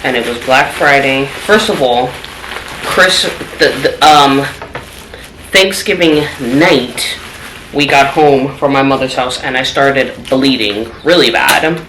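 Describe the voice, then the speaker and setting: A woman's voice: extremely low pitch, takes it slowly, slight background noise. Candid woman vlogging in an echoey kitchen. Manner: candid, drops to a soft trailing voice on sad parts. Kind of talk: personal storytelling vlog. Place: home apartment. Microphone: phone camera. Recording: echoey room with clattering dishes.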